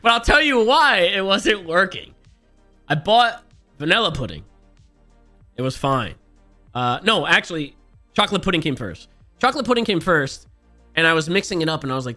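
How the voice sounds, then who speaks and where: A man's voice: high-pitched, very animated, moderate pace, long pauses, sharp tone, faint music behind. A man streaming, telling a rambling, profane story in an exasperated, self-mocking way and laughing at himself.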